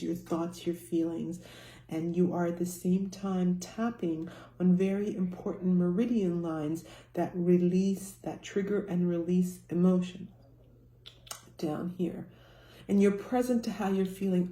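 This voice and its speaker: A woman coaching as a personal success coach, calmly walking listeners through a tapping routine and softly voicing example self-talk. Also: lowish voice, reverberant. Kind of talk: guided tapping demonstration.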